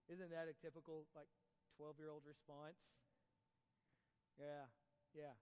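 High-voiced preacher in an echoing church hall. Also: male voice, fairly even intonation, a little slow. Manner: conversational preaching, checks in with the congregation. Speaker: pastor. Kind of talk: sermon. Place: church sanctuary. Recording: reverberant hall, dull muffled audio, soft guitar.

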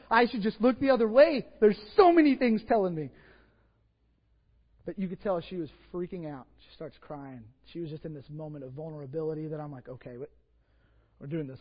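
A man with a Texas accent, a pastor telling a story in a sermon, animated, swinging between hushed asides and loud bursts. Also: high voice. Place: church sanctuary. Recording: dull, lo-fi church hall recording with long reverb.

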